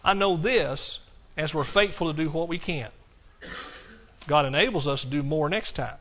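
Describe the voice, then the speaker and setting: A male pastor delivering a sermon in church with a folksy, animated delivery that jumps from loud exclamations to quiet, hushed asides. His voice sits a bit high for a man. The recording is dull and lo-fi. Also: moderate pace.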